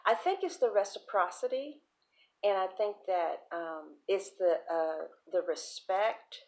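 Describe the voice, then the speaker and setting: A woman tarot reader on a casual livestream, telling stories in a chatty, animated way with plenty of profanity. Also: medium pitch, unhurried.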